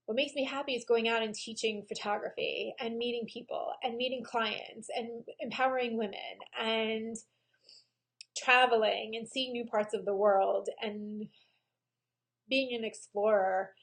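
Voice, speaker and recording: A woman's voice: fairly high pitch, fairly even intonation, fairly bright tone. Woman talking frankly in a personal vlog. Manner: frank and emotional, with frequent pauses and "um"s. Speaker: photographer and vlogger. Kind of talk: candid personal video diary.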